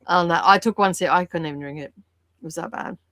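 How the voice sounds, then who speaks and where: A woman's voice: fairly low pitch, a little fast, a bit bright. A woman hosting a casual reading livestream, chatty and laughing often, with lots of fillers. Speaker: livestream host. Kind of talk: casual chat with viewers.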